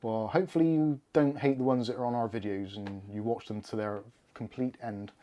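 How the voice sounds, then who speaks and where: A man with a Bristol accent hosts a casual tech livestream from his desk. He chats loosely with viewers, jokes around and swears without much thought. His voice sits at an ordinary middle pitch. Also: fairly even intonation, fairly quick, dull audio. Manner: chatty, joking and swearing freely. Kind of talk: casual live-stream chat. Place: indoors at a desk with laptop and cameras.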